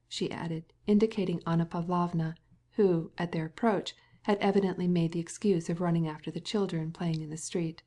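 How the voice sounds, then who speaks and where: Female classics narrator, measured and even, warm low voice. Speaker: audiobook narrator. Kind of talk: scripted narration.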